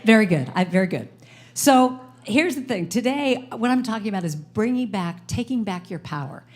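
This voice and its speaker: A middle-aged woman giving an inspirational talk at a live service, playful and animated, getting the audience to repeat phrases after her. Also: medium pitch, moderate pace. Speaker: guest speaker and singer-songwriter. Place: live service in a spiritual center.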